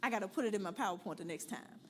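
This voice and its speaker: Speaking very fast in a mid-range voice, a woman runs a church money class, bluntly and playfully coaching and quizzing the room. She's preachy, calls on and asks the audience, and the recording carries a slight hiss or hum.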